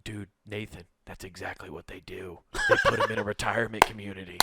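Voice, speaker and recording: A comedian co-hosting a podcast, telling a story with casual profanity and frequent laughter. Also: male voice, on the low side, fairly even intonation, fast talker, heavy background noise.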